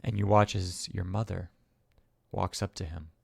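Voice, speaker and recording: A man's voice: low voice, fairly even intonation, normal speed, gravelly, breathy edge, no echo, studio quality. A man narrating a scene as game master, descriptive and rambling with fillers.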